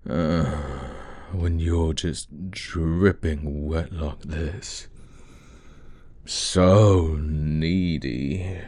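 A man's voice: extremely low pitch, steady tone, extremely slow, a little mellow, no echo. A young adult man performing an adult audio role-play, speaking close to the mic in a teasing, commanding murmur.

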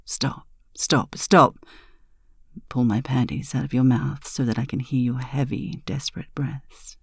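Woman, commanding whispered role-play narrator, slow and breathy with a gravelly edge. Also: rumbling low, steady tone, dry recording, clean studio sound. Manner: dominant, commanding; breathy, half-whispered delivery. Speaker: erotic audio narrator.

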